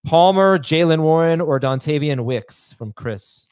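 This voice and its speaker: Quick-talking man hosting a casual show. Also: a little high, lively intonation, darkish tone, smooth, dry recording, studio quality. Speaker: podcast host reading listener emails. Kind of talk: casual chat.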